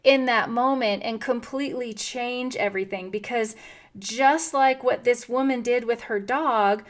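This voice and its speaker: A middle-aged woman hosts a wellness show and tells a story in an earnest, encouraging tone. Her voice sits a little high. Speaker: podcast host.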